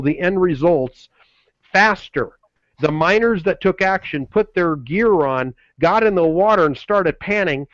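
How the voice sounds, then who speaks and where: A man co-hosting a webinar, delivering a pushy motivational sales pitch full of repeated slogans. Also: no room sound, dull audio. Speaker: webinar co-host.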